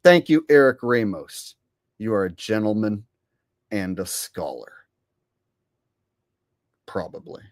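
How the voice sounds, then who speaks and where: A man's voice: fairly low pitch, sing-song, takes it slowly, long pauses, dry recording, studio quality. A man hosting his own livestream, talking in a rambling, profane, blunt way. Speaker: channel host. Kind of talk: casual livestream talk.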